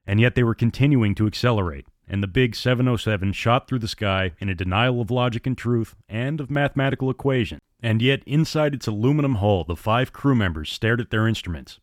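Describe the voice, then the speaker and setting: A man narrating an audiobook with steady, dramatic storytelling. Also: medium pitch, fairly quick, few pauses, no echo, clean studio sound.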